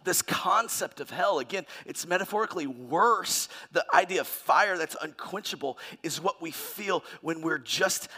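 A man preaching a sermon, expressive and dramatic, acting out the voices he quotes with sudden swings in pitch and loudness. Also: moderate pace, few pauses, slightly rough. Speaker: pastor.

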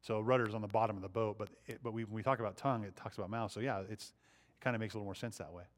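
A man's voice: lowish voice, steady tone, rapid-fire. Conversational man leading a Bible study. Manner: conversational, poses questions to the group. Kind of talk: interactive Bible teaching.

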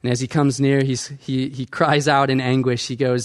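A man's voice: medium pitch, flat delivery, normal speed, few pauses. A male pastor preaching a sermon, asking the congregation questions and acting out quoted lines.

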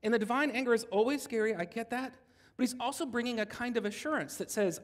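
A man's voice: very high-pitched, fast, in a large hall. A man preaching a sermon as pastor, in a conversational way that jokes with his congregation.

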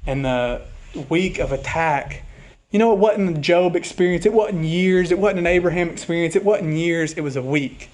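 With a fairly high pitch, this man delivers a sermon as pastor, talking frankly and sincerely about a difficult week. At moments he reads lines from hymns in a slow, soft manner.

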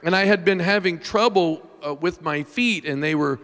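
A man whose voice is on the high side preaches at normal speed, animatedly recounting comic stories at his own expense. The pastor leaps into loud, whiny impressions, and the church sanctuary's large hall produces a long reverb.

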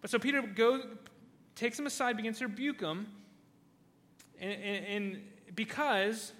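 Man, pastor, sermon, emphatic, repeated restarts, high voice, long hall reverb. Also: a little slow, fairly bright tone.

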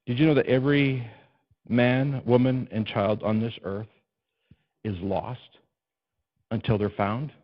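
A man preaching a sermon as pastor, swinging between hushed low passages and loud, soaring ones, often putting questions to the congregation. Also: steady tone, a little slow, pauses often, highs cut off. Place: church.

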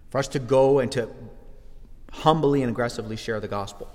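A man preaching a sermon as pastor, swinging from quiet asides to shouted exclamations. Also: medium pitch, brisk. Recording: long hall reverb.

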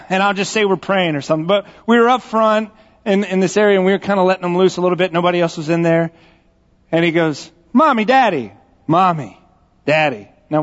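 A man preaching a conversational sermon, joking and telling stories straight to the congregation. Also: sits high. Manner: joking, folksy, speaks directly to the congregation. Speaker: pastor. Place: church sanctuary. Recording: dull recording with long church reverb.

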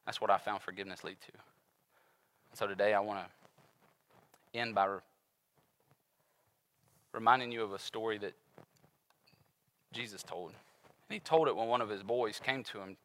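Bright-voiced male pastor preaching. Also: lowish voice, normal speed, long pauses, low-quality recording. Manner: animated, acts out voices in the story; casual, conversational preaching with fillers. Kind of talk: sermon.

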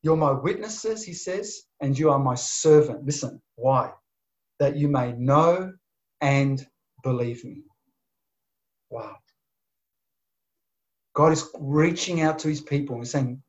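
A man preaching a sermon, swinging from emphatic bursts to soft, near-whispered lines. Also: on the high side, unhurried. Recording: dull lo-fi sound.

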